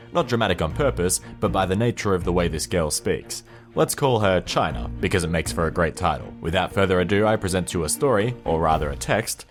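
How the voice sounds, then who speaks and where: A young man narrating a comedic story, full of wry, sarcastic asides. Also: sits low. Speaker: storytelling channel host.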